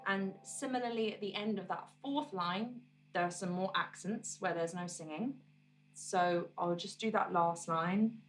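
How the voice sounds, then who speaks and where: Relaxed woman teaching guitar. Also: fairly low pitch, unhurried, recorded from a distance. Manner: relaxed, encouraging, counts beats aloud. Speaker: musician teaching her own song. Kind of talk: guitar tutorial explanation.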